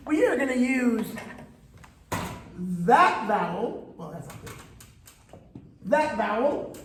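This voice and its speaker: A man's voice: extremely high pitch, animated, measured pace, long pauses, a crowd in the background. A man, a rabbi, teaching an informal Hebrew lesson with joking side notes and call-and-response vowel drills. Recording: echoey room.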